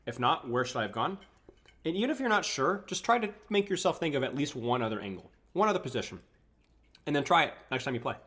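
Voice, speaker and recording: A man's voice: mid-range voice, quick pace. A young man coaching a video game on a live stream, chatting casually and answering viewers' questions while he eats. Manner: relaxed, answers chat questions while eating.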